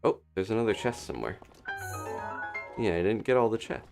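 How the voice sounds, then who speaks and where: A man casually commentating his own gameplay on a live stream, chatting and thinking aloud with quick little laughs. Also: fairly low pitch, animated, gravelly, music in the background. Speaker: gaming streamer.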